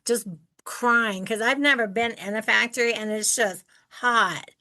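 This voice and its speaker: Podcast host, woman in her sixties from Ohio, bright higher voice, animated storyteller. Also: unhurried. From Ohio, United States. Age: 60s. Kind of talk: casual interview chat.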